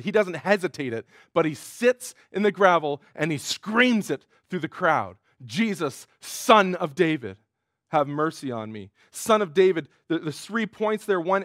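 A male pastor preaching a sermon in an earnest way, rising in pitch and force when he quotes cries. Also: fairly bright tone, no echo, clean studio sound.

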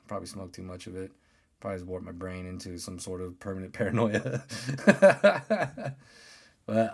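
Deep-voiced man telling loose, profane stories. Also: a little mellow. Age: 30s. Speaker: podcast host. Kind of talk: casual monologue.

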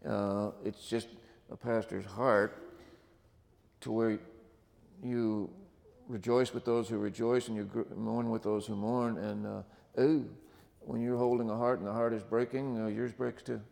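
A man talks from a church stage, his words carried by the long echo of a large sanctuary. He is a pastor, earnest and reflective. His voice is low with a gravelly texture. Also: little pitch movement, measured pace, a little mellow. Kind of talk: conversational church talk. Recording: church hall reverb.

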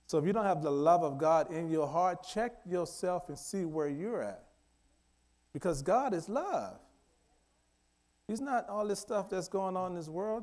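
Emphatic preacher man, fairly high voice. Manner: emphatic, repetitive, swings between loud declarations and quiet asides. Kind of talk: sermon.

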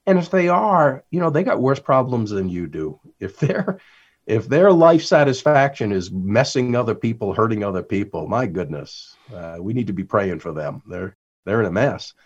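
A man's voice: fairly low pitch, very animated, normal speed, husky, lo-fi sound. A man, an author and workplace trainer, talking as a podcast guest who acts out the lines he quotes.

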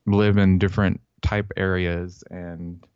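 A man's voice: low voice, flat delivery, slow, darkish tone, clean tone, dry recording, lo-fi sound. A man co-hosting a casual fan podcast, chatty and reading out descriptions. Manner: chatty, reads out descriptions, laughs easily. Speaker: podcast co-host.

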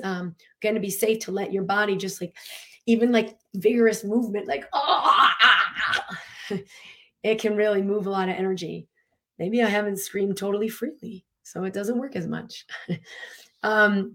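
A woman coaching listeners through emotional release in a loose, spoken teaching style. Her voice sits at an ordinary middle pitch. She talks with animated earnestness, drops in frequent fillers and laughs, and breathes and sighs audibly as she demonstrates.

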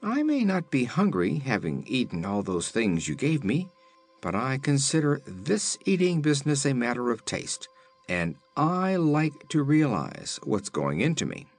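A man's voice: mid-range voice, huge pitch swings, unhurried, slightly rough, soft background music, pitched above the performer's own voice, heavily acted. A man voicing an obstinate, greedy storybook beast that loves to chew. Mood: stubborn. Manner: obstinate, matter-of-fact. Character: greedy stubborn beast, male, munching.

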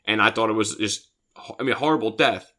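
A man's voice: fairly low pitch, brisk, pushed and bright. A man in casual chat who stammers and repeats words as he talks.

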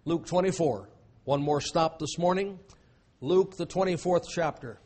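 Male pastor, high-pitched, emphatic pulpit delivery with sudden quiet drops. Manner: emphatic preaching with dramatic pauses and sudden drops to a low voice. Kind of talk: sermon.

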